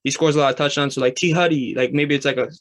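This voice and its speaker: A man's voice: mid-range voice, fairly even intonation, very fast, a bit bright. A young man hosting a sports talk interview, chatty and rambling with lots of fillers. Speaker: sports talk show host. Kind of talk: casual interview chat.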